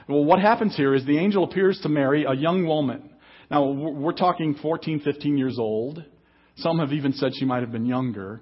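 A man's voice: fairly high pitch, a little fast, slightly rough, highs cut off. A man preaching an emphatic sermon as pastor at a church service. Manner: emphatic preaching, reads scripture aloud.

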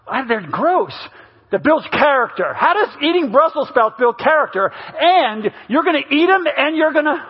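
A man's voice: very high-pitched, normal speed, muffled recording. A middle-aged man preaching a sermon as a pastor, telling funny family stories and acting out his relatives' voices. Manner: animated, mimics family members in stories. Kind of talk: humorous sermon storytelling.

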